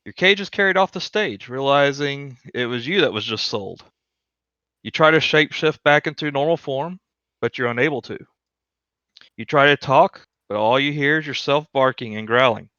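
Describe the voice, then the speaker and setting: Man, dungeon master, easygoing, bright crisp voice, dull dry voice-chat mic. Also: mid-range voice, no room sound. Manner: easygoing, quick-talking. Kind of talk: narrating a tabletop game over voice chat.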